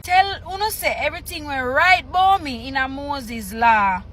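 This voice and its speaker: Woman reaction host, high voice, slow halting read-aloud that stops to spell out words. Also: expressive, a bit bright, a little hiss or hum. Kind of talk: reading scripture aloud with reactions.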